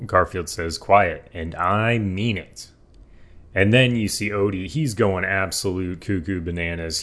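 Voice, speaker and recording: Male host, very deep voice, mock-serious deadpan rambler. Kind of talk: comedic monologue.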